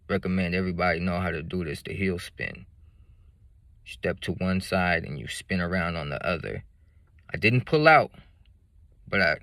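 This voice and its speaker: A man's voice: low voice, a bit bright, dry recording. Blunt man telling a street story. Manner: blunt, profane street slang. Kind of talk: casual spoken storytelling.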